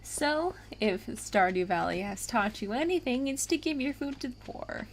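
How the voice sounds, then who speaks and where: A woman's voice: a little high, lively intonation, normal speed, a little hiss or hum. A woman giving casual commentary over gameplay, rambling, with many fillers. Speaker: let's play gamer.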